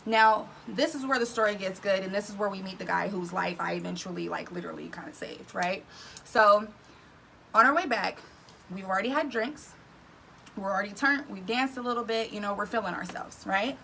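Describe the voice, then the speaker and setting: A woman telling a casual story, animated and slangy, often tagging lines with "right?". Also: medium pitch, fairly quick, gravelly, slight background noise. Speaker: vlog storyteller.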